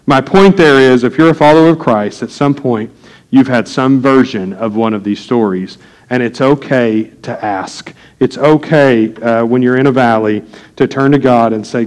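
A man's voice: medium pitch, normal speed, low-quality recording. A man preaching a sermon from the pulpit in a conversational way, with frequent fillers and light jokes to the congregation. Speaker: pastor.

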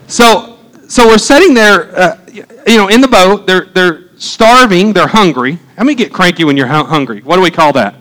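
High-voiced pastor preaching with humor. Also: male voice, fairly bright tone, poor audio. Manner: humorous, conversational preaching, acting out quotes. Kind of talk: sermon.

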